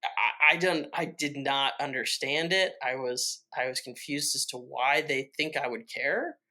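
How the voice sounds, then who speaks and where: A man's voice: mid-range voice, fairly even intonation, unhurried, bright, forceful tone. A man co-hosting a podcast, talking casually about a film with restarts and acted-out quotes. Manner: rambling restarts, acts out quoted reactions. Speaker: podcast co-host. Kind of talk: casual film review chat.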